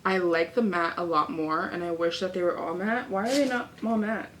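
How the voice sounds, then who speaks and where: A young woman in her twenties chatting excitedly to her viewers at home for a casual reading vlog. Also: lowish voice, brisk, a little hiss or hum. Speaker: book vlogger.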